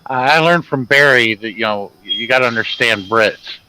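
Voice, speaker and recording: A man's voice: mid-range voice, normal speed, pushed and bright, clear, resonant tone, dry recording, rough recording. A man chatting casually as a guest, telling anecdotes and laughing often. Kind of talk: casual chat.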